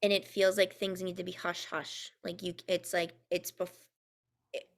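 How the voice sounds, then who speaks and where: A young woman giving a casual spoken intuitive reading, halting and full of ums, sometimes spelling words out. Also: lowish voice, level tone, gravelly. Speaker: intuitive reader and co-host.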